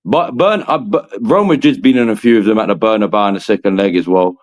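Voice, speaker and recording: A man's voice: fairly low pitch, fast talker. A man co-hosting a football chat, slangy, emphatic and swearing freely. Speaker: co-host.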